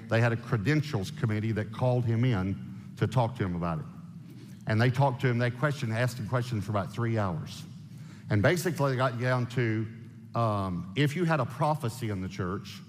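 A man preaching a sermon, emphatic and animated, firing off rhetorical questions. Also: mid-range voice. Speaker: pastor. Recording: long hall reverb.

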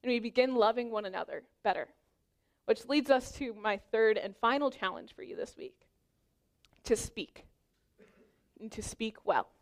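A young woman gives a sermon, challenging her listeners directly in an earnest, encouraging way. Her voice sits a little high. She is pregnant and weaves personal stories into the message. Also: lively intonation, normal speed, pauses often. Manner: earnest, exhorting, personal anecdotes. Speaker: preacher.

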